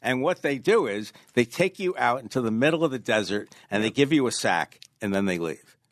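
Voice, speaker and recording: A man's voice: medium pitch, animated, a little fast, no room sound, clean studio sound. A man in his sixties from New York with a New York accent, a guest author telling stories in an interview and hammering home points by repeating them. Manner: emphatic, repeats key phrases. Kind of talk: casual interview storytelling.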